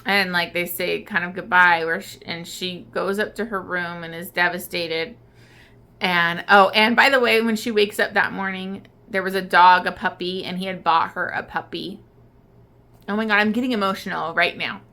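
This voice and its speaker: A woman talks through a book she loved in a casual vlog, rambling with lots of "like" and "um." She is teary and choked up as she speaks. Her voice is bright and forceful, set a little low. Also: fairly even intonation, moderate pace. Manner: rambling, many fillers, emotional and tearful. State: crying. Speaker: book vlogger.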